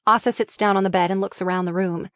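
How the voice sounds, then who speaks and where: A woman reading a screenplay aloud, running through the stage directions briskly. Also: medium pitch, fairly even intonation, no room sound, studio quality. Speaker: reader.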